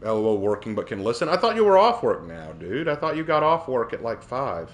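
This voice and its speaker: A man from the American South talks his way through a gaming live stream. His voice sits at a middle pitch, and he chats loosely with viewers, answers their messages and often stumbles and repeats himself as he goes. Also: sing-song, a little fast. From Southern United States. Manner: chatty, answers viewer chat, frequent restarts and repeats. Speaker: game streamer. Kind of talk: casual live-stream chat while gaming.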